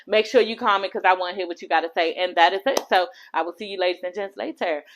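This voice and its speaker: A woman's voice: lowish voice, fast talker, background noise. A woman recapping a reality TV episode in a casual vlog, sassy and profane, gossiping animatedly to her viewers.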